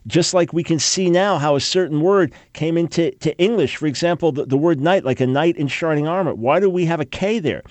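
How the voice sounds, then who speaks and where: A man's voice: on the high side, a little mellow, dry recording. A man with a PhD in Semitic languages explaining how Hebrew names and words changed, talking emphatically and mocking opposing claims. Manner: emphatic, quick asides with mocking quoted objections. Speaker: Bible scholar. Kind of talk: lecture-style talk.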